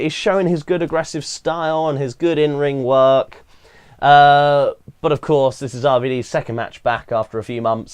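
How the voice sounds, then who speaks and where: A man's voice: fairly high pitch, clean tone. Chatty British man reviewing wrestling. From Britain. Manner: chatty, opinionated, with frequent "um" and "uh". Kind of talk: casual recap commentary.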